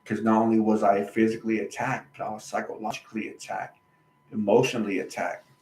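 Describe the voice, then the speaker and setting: A man's voice: on the low side, level tone, fast talker, a little mellow, echoey room, rough recording. A man, host of his own channel, telling a personal story in a casual, emphatic monologue. He repeats himself and uses colloquial slang.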